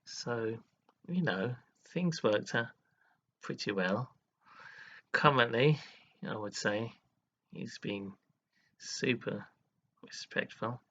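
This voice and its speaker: A man's voice: mid-range voice, animated, takes it slowly, long pauses, a bit bright, lo-fi sound. A man vlogging to his viewers in an earnest, dramatic way, scolding and praising by turns. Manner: dramatic, scolding and earnest, with sudden laughs and sighs. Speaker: live streamer. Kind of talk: emotional monologue vlog.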